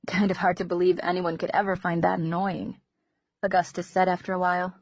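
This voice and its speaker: A woman narrating an audiobook in a measured, gentle storytelling manner. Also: fairly low pitch, flat delivery, a little hiss or hum. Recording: dull lo-fi recording.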